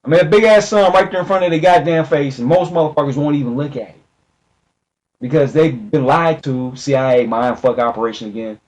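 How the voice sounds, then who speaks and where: A man with a fairly high-pitched voice delivers a profane, emphatic rant into the camera. He swings between slow, stressed phrases and rushed bursts, and swears constantly in a loud, off-the-cuff monologue. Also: rough recording. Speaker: video commentator.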